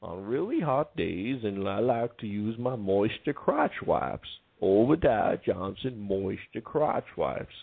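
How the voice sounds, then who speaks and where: A man voicing a folksy male barbecue sauce pitchman with smooth salesman patter, on a tinny line. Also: sing-song, takes it slowly, hardly any pauses, full character voice. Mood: pitching. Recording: phone-like lo-fi with faint music.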